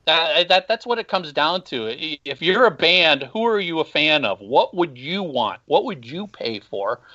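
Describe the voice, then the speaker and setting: A man's voice: fairly high pitch, big pitch swings, measured pace, pushed and bright, muffled recording. A man calling in to a casual interview, talking bluntly and emphatically about music fans. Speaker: podcast host and former band marketer. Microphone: phone call.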